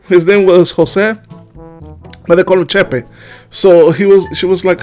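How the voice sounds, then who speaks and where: A man from the Dominican Republic telling a comedic childhood story, animated and laughing often with casual fillers. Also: sits high, moderate pace, faint music behind.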